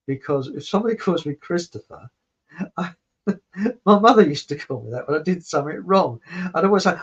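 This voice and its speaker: A man's voice: a little high, lively intonation, moderate pace, fairly bright tone, husky. A man hosting an online show, telling rambling self-mocking stories and laughing as he goes. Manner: chuckling, self-mocking storyteller. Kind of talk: rambling anecdotal chat. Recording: dull lo-fi sound.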